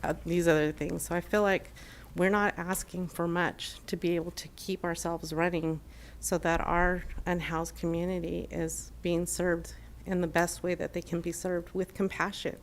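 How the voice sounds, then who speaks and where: A woman's voice: on the low side, level tone, normal speed, a little hiss or hum. A woman giving an earnest, emotional public comment at a city council meeting, with many fillers and restarts. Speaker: shelter program manager giving public comment. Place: council chamber.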